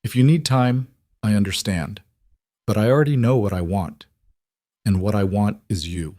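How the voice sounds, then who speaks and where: A man voicing a steady, protective widowed rancher in his thirties in a storybook western. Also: fairly low pitch, moderate pace, dry recording, clean studio sound, natural voice. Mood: earnest.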